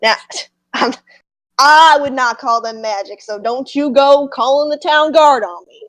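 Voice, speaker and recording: A woman's voice: high-pitched, measured pace, a bit bright, poor audio. A woman voicing a folksy, cautious old male farmer with a put-on Southern accent, rambling and gossipy. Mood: confiding. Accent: put-on Southern American.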